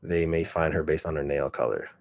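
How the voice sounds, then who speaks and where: A man with a deep, raspy voice talks briskly, rambling through a story full of fillers and swearing. He's an ASMR YouTuber chatting casually on a livestream.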